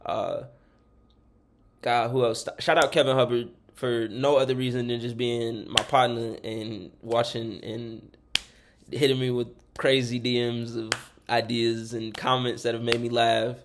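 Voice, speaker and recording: Young man, podcast host, monotone, rambling and sincere, choked up, swearing. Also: medium pitch, moderate pace, slight background noise. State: choked up, near tears. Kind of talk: heartfelt shout-outs to listeners.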